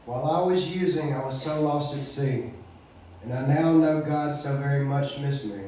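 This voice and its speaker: A man from Mississippi with a Mississippi Southern accent, reciting a spoken word poem in a steady, rhythmic delivery at an open mic night. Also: mid-range voice, normal speed, distant mic, a little hiss or hum. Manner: excited chatty intro, then steady rhythmic recitation. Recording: very echoey room, voice from off mic.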